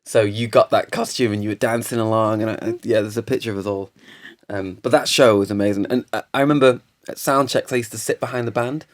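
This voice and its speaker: A man hosting a casual podcast chat from a studio couch, rambling and animated as he tells stories. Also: fairly low pitch, quick pace. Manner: rambling, animated storytelling with laughs. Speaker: podcast host.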